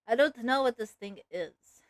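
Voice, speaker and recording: A woman's voice: on the high side, lively intonation, a little slow, dry recording. A woman voicing a reluctant puzzled man. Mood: grudging. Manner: grudging, bewildered.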